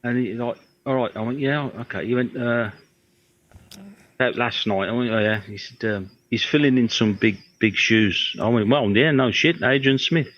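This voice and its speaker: Middle-aged guest, guitar tech, rambling anecdotes, slips into quoted voices; dry, muffled audio. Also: male voice, medium pitch, moderate pace, a bit bright, dry recording. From Birmingham, England. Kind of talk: casual storytelling interview. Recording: dry, slightly dull audio.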